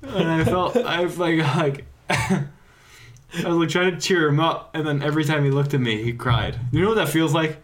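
A man's voice: fairly high pitch, moderate pace, a little hiss or hum. A man co-hosting a podcast, telling stories in casual chat and often breaking into laughter. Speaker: podcast co-host.

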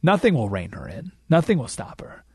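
A man hosting a political talk radio show, emphatic and animated, repeating points for effect, in a studio. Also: mid-range voice, a little fast, husky, no echo. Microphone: studio microphone.

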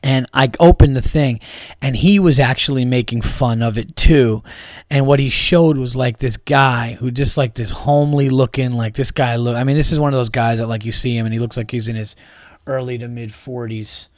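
A man's voice: mid-range voice, fairly even intonation, moderate pace, dry recording, clean studio sound. A man hosting a podcast in a casual comedic monologue, rambling and profane with lots of restarts. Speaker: podcast host.

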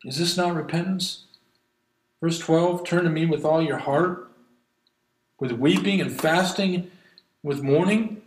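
A man's voice: on the high side, a little slow, pauses often, roomy sound, poor audio. A man preaching a sermon, reading scripture aloud and pleading earnestly with his listeners. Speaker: pastor.

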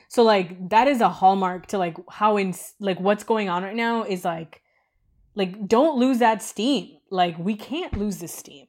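A woman's voice: mid-range voice, unhurried, darkish tone. A woman co-hosting a podcast in loose, casual chat. She rambles through her thoughts, full of fillers, with a fed-up, frustrated tone. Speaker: podcast co-host.

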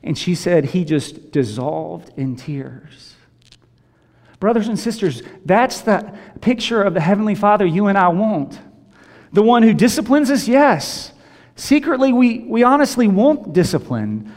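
High-voiced man preaching in a reverberant hall. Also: darkish tone. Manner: earnest preaching, repeats phrases for emphasis. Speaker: pastor. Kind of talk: sermon. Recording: long reverb of a large hall.

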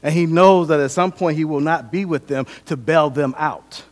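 A man's voice: a little high, moderate pace. A man preaching a sermon as pastor, conversational and humorous, acting out scenes and repeating his key points.

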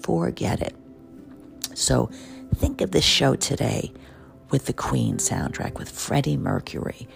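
A podcast host at home in the early morning, speaking in an excitable, jazzed-up monologue with hushed asides. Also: medium pitch, takes it slowly, creaky, long pauses, music in the background. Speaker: podcast host and memoir author. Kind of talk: personal gratitude monologue.

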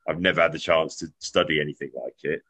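A man hosting a podcast, talking in a halting, hesitant way over a video call. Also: very deep voice, steady tone, bright, forceful tone, husky. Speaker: podcast host. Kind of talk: casual interview chat.

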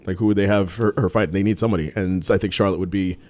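A man's voice: low voice, steady tone, fast talker, a little mellow. A man co-hosting a casual talk show, rambling with many restarts and fillers. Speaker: podcast co-host. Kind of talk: casual wrestling chat.

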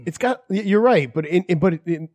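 A man's voice: sits high, animated, fairly quick, darkish tone, no room sound. Swearing, rambling storytelling man. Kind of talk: casual chat.

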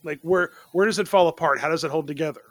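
A man co-hosting a casual chat, playful and animated, often laughing. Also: a little high, quick pace. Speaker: podcast co-host.

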